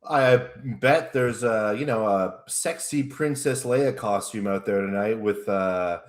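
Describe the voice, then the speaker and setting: A lower-voiced man co-hosting a comedy talk show. He laughs often, pauses with plenty of fillers and plays along with the host's ribbing. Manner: chuckling often, hesitant with fillers. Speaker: returning co-host. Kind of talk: casual comedic banter.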